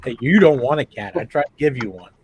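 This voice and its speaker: A man's voice: medium pitch, expressive, quick pace, darkish tone, slight background noise. A man chatting on a group video call, teasing the others in a dry way. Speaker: cat owner on a group stream. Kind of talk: casual chat.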